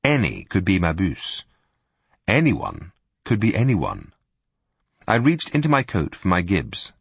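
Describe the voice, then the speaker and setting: A man narrates a first-person story in a wry, storytelling voice that swoops high and low. His tone is somewhat husky and fairly low. The recording is close and dry. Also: a little slow, dry recording. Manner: wry, lively storytelling that slips into character voices. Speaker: audiobook narrator.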